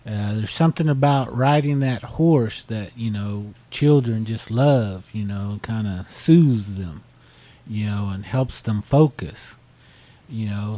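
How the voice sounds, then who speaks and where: A man's voice: on the low side, dark tone. A man co-hosting a podcast, telling a story casually and leaning on "you know". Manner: slow, repeats "you know" often. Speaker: podcast co-host.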